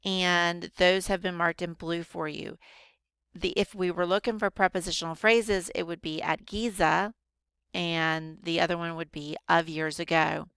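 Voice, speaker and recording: A woman's voice: fairly low pitch, level tone, a little slow, creaky, a bit bright, clear, resonant tone, no room sound. A woman teacher patiently walking students through a grammar worksheet, step by step with frequent ums. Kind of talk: recorded grammar lesson.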